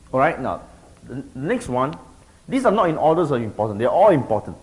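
A man's voice: medium pitch, fairly quick. A middle-aged man teaching a group about discipling, often checking in with his listeners. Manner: animated, keeps checking in with the audience. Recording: dull lo-fi recording.

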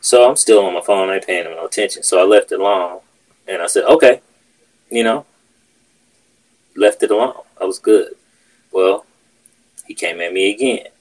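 A man's voice: sits low, moderate pace, long pauses, low-quality recording. A man hosting a podcast, telling a workplace story in casual, profane chat. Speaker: podcast host.

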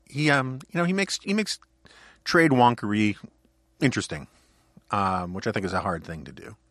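A man with a lowish voice hosts a casual podcast conversation. He rambles, restarts his sentences and laughs easily. The sound is close and dry, with no room around it. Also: expressive, moderate pace, fairly bright tone, no room sound. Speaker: podcast host.

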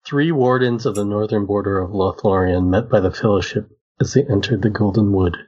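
A man with a husky, slightly low voice hosts a casual quiz, spelling out each word letter by letter in a slow, unhurried way. The recording is dull and lo-fi, like a modest podcast setup. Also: a little mellow. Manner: spells words out slowly, reads answers. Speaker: quiz host.

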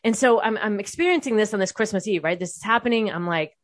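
In a dry recording, a young adult vlogger shares a personal story with her viewers, speaking fast at a medium pitch. She's candid and chatty, swears freely, and keeps restarting her sentences.

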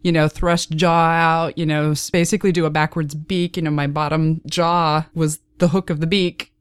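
Woman with a faint Texas lilt, casual and self-deprecating; clear voice, dry close mic. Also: low voice, level tone, moderate pace, no echo. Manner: chatty, laughs often, self-deprecating. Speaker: guest narrator. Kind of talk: casual interview chat.

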